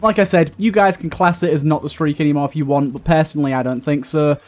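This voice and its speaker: A young man with a fairly high voice delivers loose, rambling gameplay commentary. He sounds exasperated, full of fillers and restarts as he talks through his run. Faint game music plays behind him. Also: fairly even intonation, fast. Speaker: gaming YouTuber. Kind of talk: casual let's-play commentary.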